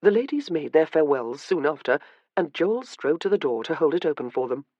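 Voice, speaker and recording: A woman narrating a historical romance audiobook with measured, even scripted narration. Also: sits low, no echo, muffled recording.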